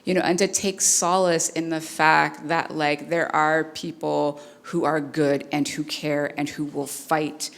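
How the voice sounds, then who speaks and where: Low-voiced woman telling a story. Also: level tone, a little slow, vocal fry, few pauses. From Canada. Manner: warm, earnest, many "like" fillers. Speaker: keynote speaker. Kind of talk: conversational storytelling on stage.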